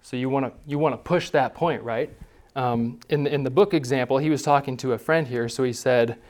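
A man's voice: medium pitch, fairly quick, darkish tone. Male class teacher, conversational, mid-range voice, quizzes the room.

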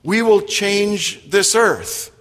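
A man's voice: high-pitched, animated, very slow, a bit bright. A man preaching a sermon to his congregation, emphatic and direct, often asking his listeners questions. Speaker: pastor. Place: church sanctuary. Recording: long hall reverb.

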